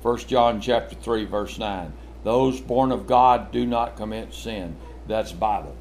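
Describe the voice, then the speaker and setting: An older man preaching a sermon, animated and full of rhetorical questions, with chuckling asides. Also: lowish voice, takes it slowly, slight background noise.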